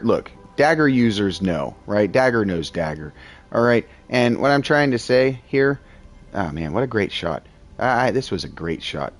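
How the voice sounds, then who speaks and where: A man in his thirties, chatty and excitable, talking to a game character in-character as he plays and sometimes yelling in bursts. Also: medium pitch. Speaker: gaming streamer roleplaying his character. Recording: music playing behind.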